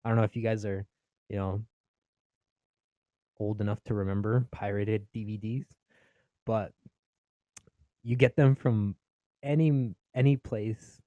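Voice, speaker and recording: Young Mexican-American male comic, mellow tone, dry close sound, profane and chuckling. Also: on the low side, no room sound. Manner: profane, laughs at own jokes, acts out family. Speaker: stand-up comedian. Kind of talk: stand-up comedy.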